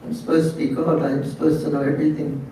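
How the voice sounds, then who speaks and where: A man plays a curious, wondering young male god, speaking in a soft, mellow voice. The sound reaches the mic from afar in a strongly echoing hall. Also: fairly high pitch, little pitch movement, fast talker, a little hiss or hum, natural voice. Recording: very echoey hall, distant mic.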